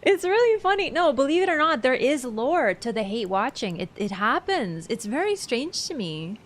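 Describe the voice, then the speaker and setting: A woman's voice: high voice, big pitch swings, normal speed. A woman streaming a game, chatting casually with her viewers and laughing often. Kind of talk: casual live-stream chat.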